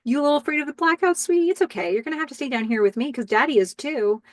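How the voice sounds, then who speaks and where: A woman voicing a gentle young father who soothes his frightened toddler in a soft, cooing way. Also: high voice, lively intonation, very fast, pitched above the performer's own voice. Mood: soothing.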